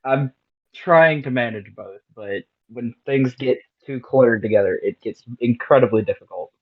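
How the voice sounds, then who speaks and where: A man's voice: mid-range voice, moderate pace, no room sound, natural voice. A man voicing a stressed young male student who is also a boxer, sounding strained and apologetic. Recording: tinny dry phone-like line.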